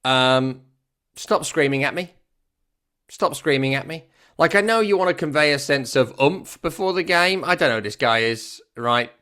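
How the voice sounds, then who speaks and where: A man hosts a football podcast, offering a casual, wry review of a match and repeating phrases for emphasis. He works regularly on a microphone, and his voice is a little high, expressive, bright, smooth and forceful at a normal speed.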